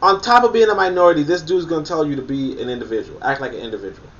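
A man's voice: a little high, rapid-fire, a bit bright, far from the mic, dull audio, slight background noise. A man reading a book aloud and commenting on it critically, emphatic and incredulous, often repeating his points for emphasis. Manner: incredulous and scoffing.

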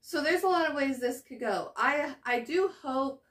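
A woman's voice: high voice, lively intonation, normal speed, a bit bright. A woman hosting a reaction video, chatting casually to camera and thinking aloud with fillers and hesitations.

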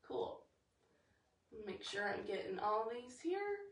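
A woman, teaching a livestreamed singing warm-up from home in a chatty, encouraging way that sometimes drops to breathy whispers. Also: fairly high pitch, animated, moderate pace, echoey room, distant mic. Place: home, over a slow internet livestream.

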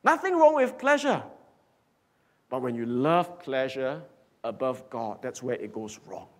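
A man preaching a sermon in a church hall, emphatic, swinging from loud declarations to hushed whispers. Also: medium pitch, sing-song, a little slow. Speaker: pastor.

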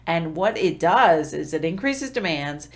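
Woman, low voice, middle-aged, conversational, parenting tips, some ums and restarts. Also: expressive, a little slow. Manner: conversational, with fillers and self-corrections. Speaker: behavior analyst giving parenting tips. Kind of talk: informal teaching to camera.

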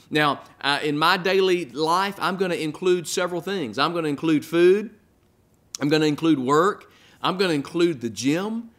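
A male pastor delivering a sermon, speaking earnestly, repeating phrases for emphasis and letting line endings fall quiet. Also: a little high.

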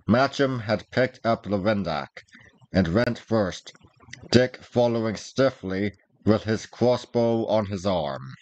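A man's voice: fairly low pitch, darkish tone, no echo, highs cut off. A man reading a classic adventure novel aloud chapter by chapter, giving the characters lightly different voices. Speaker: audiobook reader.

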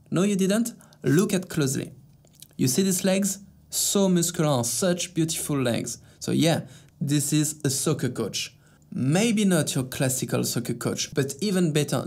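A man's voice: medium pitch, a little mellow. A man hosting a sarcastic news commentary vlog, with mocking asides, over faint background music.

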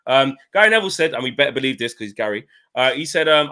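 A man's voice: medium pitch, expressive, quick pace, few pauses, sharp tone. A man co-hosting a casual football chat, sarcastic, reading quotes aloud and swearing. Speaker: podcast co-host.

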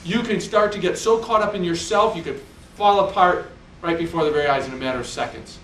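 A man's voice: high voice, brisk, a bit bright, slight background noise. A man giving a live motivational speech, telling stories animatedly with self-mocking humor. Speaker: motivational speaker. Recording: echoey hall, distant mic.

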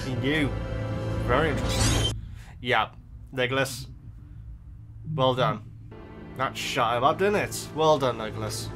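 A man hosting a film reaction, talking to the screen and cheering excitedly. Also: medium pitch, measured pace, long pauses, over music. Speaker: reaction video host.

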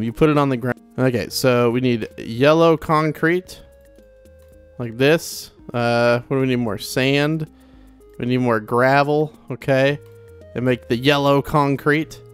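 Rambling young man narrating gameplay. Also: medium pitch. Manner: rambling, chatty, self-interrupting with fillers. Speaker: let's play host. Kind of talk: casual gameplay commentary. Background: soft game music.

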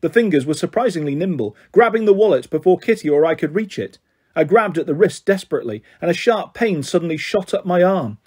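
A man reading a children's novel aloud in steady first-person narration, giving voices to the characters. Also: a little high, brisk, breathy edge. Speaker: storyteller.

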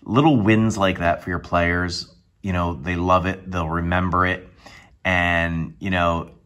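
A man with a deep, low voice talks through his tabletop game session as its dungeon master. He rambles and restarts often while mixing a recap with tips for other game masters. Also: little pitch movement, a little slow, fairly bright tone.

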